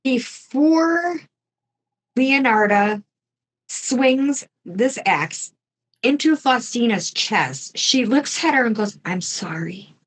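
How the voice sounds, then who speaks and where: A woman's voice: on the high side, lively intonation, slow pace, low-quality recording. A woman hosting a true crime podcast, telling the case in a casual, chatty way with jokey asides. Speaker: podcast host.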